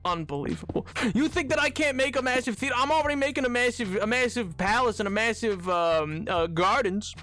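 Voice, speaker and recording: A man's voice: extremely high pitch, animated, brisk, few pauses, bright, forceful tone, faint music behind. A man streaming a game, chatting casually with his viewers while laughing a lot and stammering over his words. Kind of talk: casual game livestream chat.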